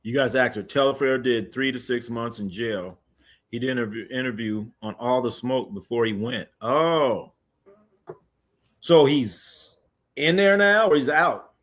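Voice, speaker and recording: Male sports livestream host, casual and joking, reacting loudly to chat; mid-range voice. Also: medium pitch, a little slow. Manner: loose, joking, animated bursts. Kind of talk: casual chat reading live comments.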